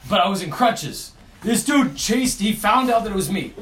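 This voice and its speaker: A young man tells a rowdy story on a podcast, swearing freely and laughing through it. His voice sits high and bright. He is a little off-mic in a roomy, echoing space. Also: animated, normal speed, distant mic. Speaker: podcast co-host. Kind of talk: casual storytelling chat.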